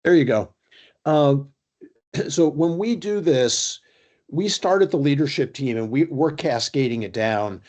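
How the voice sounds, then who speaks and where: A man presenting an online workshop on a video call, talking briskly with a storytelling manner and plenty of fillers. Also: a little high, animated, darkish tone.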